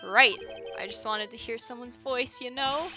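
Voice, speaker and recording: A woman voicing a brash, lonely young male witness, talking loud, defensive and slangy while reading a game's dialogue aloud. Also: on the high side, normal speed, soft background music.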